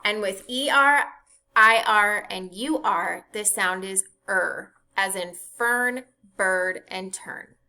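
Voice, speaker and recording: A woman teaching a reading lesson, reading prepared sentences and spelling out letter sounds in a slow, deliberate way. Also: medium pitch, sharp tone. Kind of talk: scripted phonics lesson.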